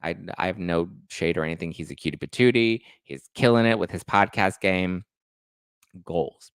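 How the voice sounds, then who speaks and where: A man hosting a casual chat show, talking in a gossipy, animated way. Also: low-pitched, moderate pace, smooth, dry recording, clean studio sound. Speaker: host.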